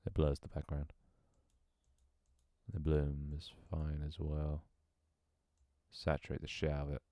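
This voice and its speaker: Building a game level live on stream, a man with a bass voice thinks out loud at a measured pace, his delivery completely flat but warm in tone. He mutters, curses a lot, and banters with chat, with occasional voice cracks, all captured in clean studio sound with no echo.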